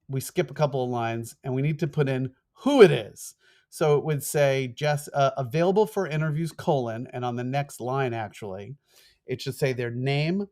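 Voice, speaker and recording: A middle-aged man with a New York accent, a former TV producer lecturing fast in an online course and acting out quoted emails. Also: mid-range voice. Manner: fast-talking, animated, acts out quoted emails.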